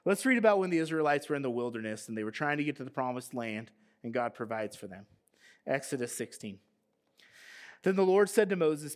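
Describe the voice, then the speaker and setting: A man's voice: mid-range voice, sing-song, fairly quick. A man preaching a sermon as pastor, reading scripture aloud and asking his congregation questions.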